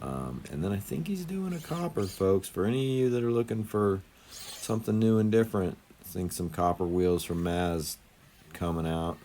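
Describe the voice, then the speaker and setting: A man's voice: low-pitched, expressive, moderate pace, warm tone. A man giving casual voice-over commentary as a channel host, rambling and laid-back with lots of fillers.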